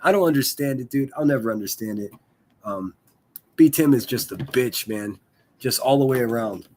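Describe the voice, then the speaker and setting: A man's voice: medium pitch, normal speed, a little mellow, slight background noise. A man chatting casually on a live stream, rambling and swearing, full of fillers and restarts. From Pittsburgh area.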